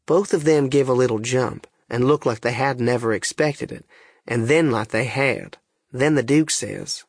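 A man's voice: medium pitch, normal speed, slightly rough, no room sound, studio quality. A man narrating a first-person story in a plain, folksy dialect, as an audiobook reader.

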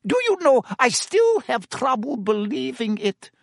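A gossipy innkeeper woman in a storybook, voiced high and bouncing all over by a man doing her voice. She sounds eager and nosy, in a close, dry recording. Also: very animated, takes it slowly, fairly bright tone, no echo, full character voice. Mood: curious. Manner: chatty, gossipy. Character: curious middle-aged female innkeeper.

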